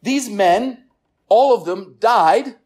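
A pastor preaching a sermon to a gathered congregation. The delivery is earnest, often repeats words, and falls quiet for emphasis. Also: medium pitch, lively intonation, slow pace. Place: church service room with listeners.

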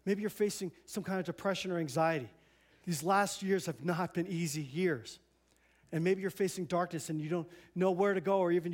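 A male pastor giving a sermon in a church, earnest and conversational, often restarting his sentences. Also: sits high. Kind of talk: Christmas Eve sermon.

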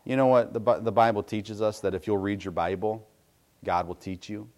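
A man's voice: lowish voice, steady tone, normal speed, darkish tone. A middle-aged pastor preaching a sermon in a folksy, self-deprecating way, with asides to his congregation.

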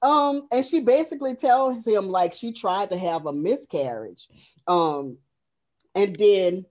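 Foul-mouthed animated woman podcast co-host. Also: mid-range voice, unhurried. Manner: profane, animated retelling of a film plot; frequent fillers like "um" and "like". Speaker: horror movie review podcast co-host. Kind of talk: casual chat.

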